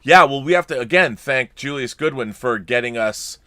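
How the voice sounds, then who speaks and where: A man with a bright, forceful voice talks loosely on a casual podcast, breaking off and restarting his sentences. He reads viewer letters aloud between bits of chat. The sound is close and dry, with no room around it. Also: medium pitch, animated, normal speed, no echo. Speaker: podcast co-host.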